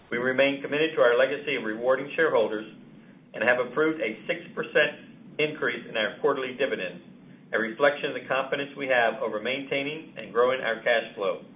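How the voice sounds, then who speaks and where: A company chief executive reading formal prepared remarks on an earnings call in a measured way. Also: male voice, mid-range voice. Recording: tinny phone line.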